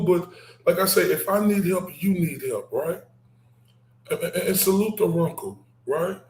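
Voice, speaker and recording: Man hosting a livestream, gravelly, mid-pitched, loose and talky, roomy echo. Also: slight background noise. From Dallas, Texas. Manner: animated, repeats "right?" and laughs often. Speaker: livestream host. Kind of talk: casual livestream chat.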